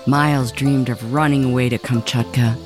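A man narrating a children's story in an expressive, measured reading. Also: mid-range voice, faint music behind.

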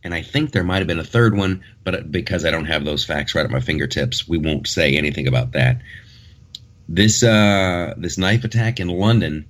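A man's voice: low-pitched, fairly bright tone. A man hosting a podcast in casual chat, rambling and joking as he talks through the news. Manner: rambling, joking, many restarts. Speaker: podcast host.

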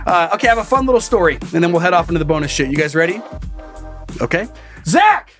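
A man's voice: fairly high pitch, rapid-fire, over music. A man hosting a podcast, telling a story dramatically with swearing and laughs, in a casual chat style. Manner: animated, swearing, laughing at his own story. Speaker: podcast host.

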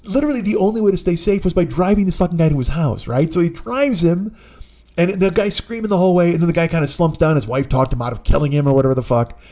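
A man hosting a podcast tells a comic story in a loose, rambling way, swearing freely as he goes. His voice sits a little high for a man. The delivery is animated and conversational. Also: fast. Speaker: podcast host.

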